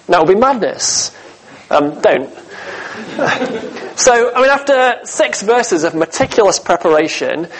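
Man, preacher, sermon, animated storytelling, wry asides, slightly high pitch. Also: husky, poor audio. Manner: lively storytelling with asides and humor.

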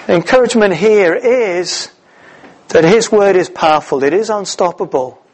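A middle-aged man preaching a sermon, telling the story in a lively way with many "uh"s and restarts. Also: sits high, moderate pace, poor audio. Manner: animated storytelling with many fillers.

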